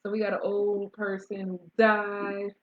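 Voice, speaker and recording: A woman's voice: mid-range voice, completely flat delivery, slow pace, crowd noise. A woman co-hosting a casual movie review, summarizing the plot in a chatty way with restarts. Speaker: co-host of a movie review show. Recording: dull lo-fi sound.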